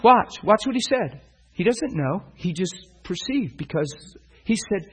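A man's voice: high voice, expressive, normal speed, husky, rough recording. A middle-aged man preaching, telling a personal story and acting out the dialogue with animation. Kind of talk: sermon storytelling.

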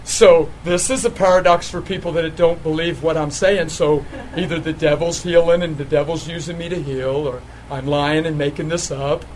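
A man preaching a sermon, telling a healing story with laughter and sudden excited jumps in his voice. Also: normal speed, hardly any pauses, slight background noise, rough recording. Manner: animated storytelling, laughing, voice jumping high when excited.

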